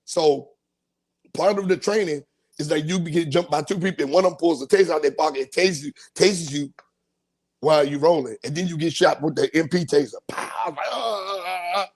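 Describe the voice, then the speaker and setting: High-voiced podcast guy hamming up a wild story, sound effects and all. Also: brisk, darkish tone. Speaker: podcast host. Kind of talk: profane comedic storytelling.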